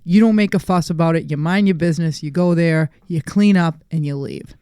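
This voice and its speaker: Woman dog trainer, podcast co-host, animated storyteller; smooth, resonant, close and dry sound. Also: on the low side, a little fast, no echo. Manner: animated storyteller who acts out quoted people. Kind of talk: casual podcast chat.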